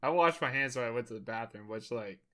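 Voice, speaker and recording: A young man from Maryland, a podcast host, telling animated, profane stories in casual chat and laughing often. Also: medium pitch, quick pace, crowd noise. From Maryland, USA.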